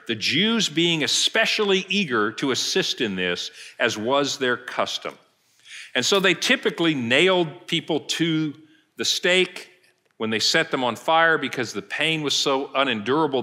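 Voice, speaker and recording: Male pastor, middle-aged, preaching, storytelling, bright voice, animated delivery. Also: medium pitch. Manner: animated storytelling, acting out quoted lines. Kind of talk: sermon, retelling a story.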